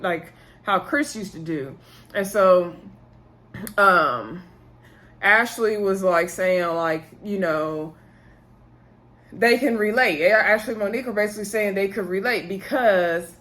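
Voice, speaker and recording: A woman's voice: medium pitch, measured pace, fairly bright tone. A woman vlogger chats her way through a reality show recap in a loose, conversational voice. She leans on fillers and acts out the cast's lines as she retells the arguments. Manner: chatty retelling with filler words, acting out quotes. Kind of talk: casual recap chat.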